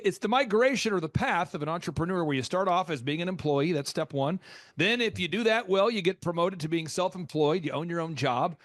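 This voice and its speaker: Brief: male show host, high and excitable, gushing intros, dry close mic. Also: dry recording. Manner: effusive, praising, many fillers. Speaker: podcast host. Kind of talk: enthusiastic interview hosting.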